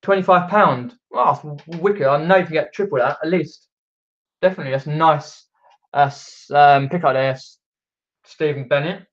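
A man's voice: on the high side, moderate pace, fairly bright tone, dull audio. A British man chatting casually on a home live stream, reading out viewer comments and rambling with many fillers and restarts. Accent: British English. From Britain. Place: indoors at home, downstairs. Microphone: camera mic.

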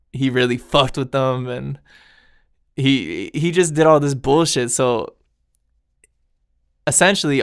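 A man's voice: mid-range voice, creaky, fairly bright tone, clear, resonant tone, no room sound, studio quality. A man hosting his own podcast, talking in a loose, rambling way, laughing often and trailing off mid-thought. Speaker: podcast host. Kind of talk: casual solo chat.

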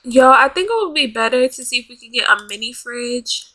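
A woman's voice: a little high, animated, a little fast, sharp tone. A woman hosting a life-sim let's play, giving dramatic commentary as she bosses and scolds the game characters. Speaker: gaming channel host. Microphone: desk USB microphone.

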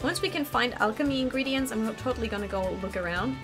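Excitable woman streamer, high lively voice over game music. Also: quick pace. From Germany. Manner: excitable, gushing, reads game dialogue aloud. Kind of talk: live-streamed game commentary.

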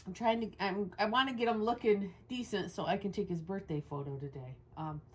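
A woman hosting a home vlog chats casually while grooming her dog indoors, cooing at it between asides. She speaks fairly quickly in a mid-range voice, chatty and rambling, in a sunny room by the windows. A camera set up nearby picks her up.

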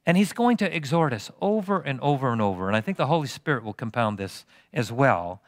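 A middle-aged man preaching a sermon as pastor, animated and teasing the congregation with questions. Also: mid-range voice, brisk, no echo, clean studio sound.

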